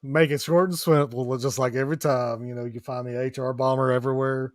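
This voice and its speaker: A man co-hosting a gaming podcast, chatty and joking in a relaxed way. His voice sits at a middle pitch, recorded close and dry. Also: quick pace, dry recording. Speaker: podcast co-host. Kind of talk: casual chat.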